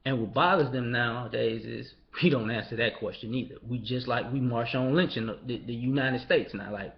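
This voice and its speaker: A man's voice: mid-range voice, fairly quick, creaky, few pauses. A man giving a casual, blunt, profane monologue, sometimes mocking others in put-on voices. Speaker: commentator. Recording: dull lo-fi recording.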